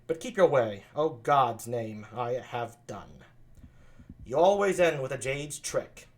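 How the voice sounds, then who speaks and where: A man reading aloud and voicing a sharp-tongued young noblewoman who scorns men, lifting his voice higher. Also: lively intonation, slow pace. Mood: scornful.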